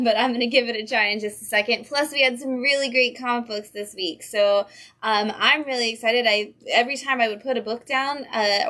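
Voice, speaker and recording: A woman's voice: a little high, pushed and bright. A woman hosting a casual livestream from a comic book shop. She is chatty and upbeat and drops in frequent ums.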